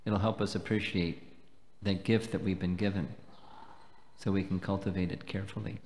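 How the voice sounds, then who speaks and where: Low-voiced guy giving a slow careful spiritual talk, lots of hall echo. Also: level tone, darkish tone, a little hiss or hum. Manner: measured, explanatory, slow and deliberate. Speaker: swami lecturing at a festival. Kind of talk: devotional lecture with questions. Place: temple hall. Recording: long hall reverb.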